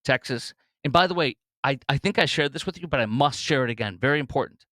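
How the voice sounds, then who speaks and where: A man's voice: mid-range voice, expressive, fast talker, bright, forceful tone, no echo. A man hosting a political talk show, rambling through commentary with many fillers and restarts.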